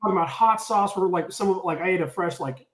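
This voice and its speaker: A man tells a story in a relaxed, chatty way. He speaks in a slightly high voice and acts out the quotes. The room echoes around him. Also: quick pace. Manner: animated, lots of "like", acts out quotes. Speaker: storyteller on a podcast. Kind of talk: casual storytelling.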